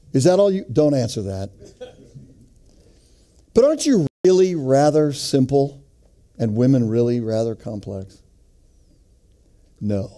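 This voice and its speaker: A man's voice: on the high side, warm tone. A middle-aged man giving a joking, sermon-style talk to a men's group, often putting questions to the audience. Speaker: men's ministry speaker.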